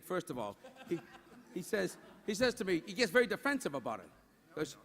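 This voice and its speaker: Brief: man, high bright voice, roast comic working the room with quick asides, big hall reverb. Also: sing-song. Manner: joking, rhetorical asides to the crowd. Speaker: roast speaker. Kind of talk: roast comedy routine.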